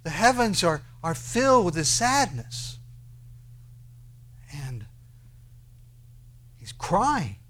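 A man preaching a sermon, who swings between loud declarations and quiet asides and asks his listeners many rhetorical questions. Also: high-pitched, big pitch swings, very slow, pauses often. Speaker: pastor.

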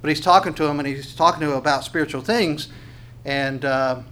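A man's voice: a little high, brisk, fairly bright tone. A man giving a conversational sermon, asking the listeners questions along the way. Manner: conversational, with rhetorical questions and tag questions. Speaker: preacher.

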